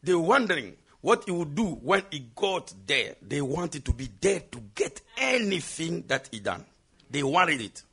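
A man from South Africa preaching a sermon, asking the congregation questions and building up to shouts. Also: fairly high pitch, big pitch swings, measured pace, slightly rough.

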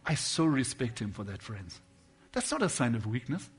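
A man preaching a sermon, earnest and personal, dropping to quiet intimate lines and then rising into loud, emphatic bursts. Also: mid-range voice, very animated, moderate pace, husky.

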